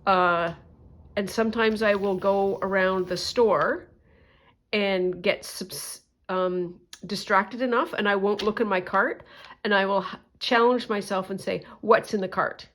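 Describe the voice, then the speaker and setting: A woman's voice: mid-range voice, steady tone, unhurried, fairly bright tone. A woman chatting casually to her viewers while she crafts, thinking aloud and joking about herself. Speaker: crafting vlogger. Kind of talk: casual crafting chat to camera.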